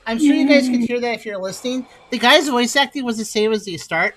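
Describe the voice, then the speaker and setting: Chatty woman with a higher voice. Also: animated, brisk, hardly any pauses, a bit bright, slight background noise, rough recording. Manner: chatty, joking, wry. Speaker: gaming video host. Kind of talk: casual let's-play commentary.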